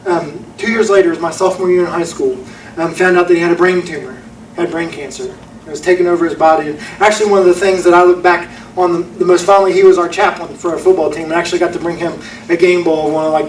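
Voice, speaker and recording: In a church auditorium, a young man whose voice sits high tells a story from the pulpit with heartfelt, homespun warmth. The echoey room is heard from a distance, with slight background noise.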